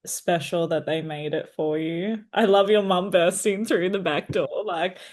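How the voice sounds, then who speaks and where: A woman's voice: fairly low pitch, unhurried, a little mellow. A woman hosting an author interview, upbeat and encouraging in casual chat. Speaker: podcast host.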